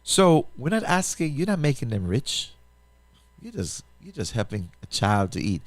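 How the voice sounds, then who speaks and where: A pastor hosting a talk show, speaking, makes an impassioned appeal full of repetition and rhetorical questions. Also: male voice, mid-range voice, very animated, moderate pace, no room sound. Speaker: pastor and radio show host.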